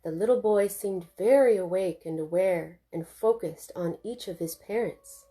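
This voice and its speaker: A woman reads her own novel aloud in steady, expressive narration. Her voice is warm and mellow. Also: mid-range voice, normal speed. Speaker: author reading her novel. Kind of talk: audiobook narration.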